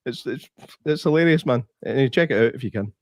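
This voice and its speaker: A man co-hosting a podcast, telling an animated story in casual chat and laughing easily. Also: mid-range voice, a little fast, no room sound, clean studio sound. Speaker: podcast co-host.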